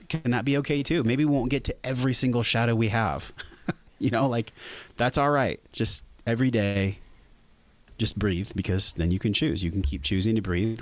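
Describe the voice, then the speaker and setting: A man's voice: fairly low pitch, dry recording. A man speaking as a podcast guest, earnest and intense, swearing for emphasis in emotional conversation.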